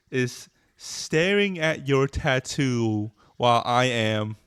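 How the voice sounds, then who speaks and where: A man's voice: medium pitch, animated, slow, fairly bright tone, clear, resonant tone. A male streamer doing music reaction commentary, blunt, profane and mocking.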